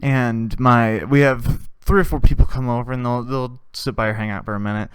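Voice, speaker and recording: A man's voice: medium pitch, fairly even intonation, normal speed, smooth, dry recording. A man hosting a casual podcast, telling a story with frequent swearing, laughter and hummed tunes. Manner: laughs often and hums tunes while telling stories; swears freely. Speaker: podcast host.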